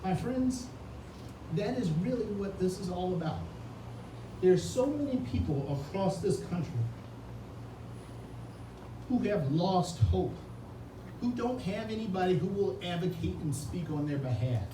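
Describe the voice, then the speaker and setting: A man delivers an earnest, impassioned campaign speech, his voice sitting a little on the high side. It comes from some distance away in an echoey indoor room, with steady noise underneath. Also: unhurried, long pauses. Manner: earnest, impassioned, with personal stories. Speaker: political candidate. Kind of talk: campaign speech at a fundraising reception.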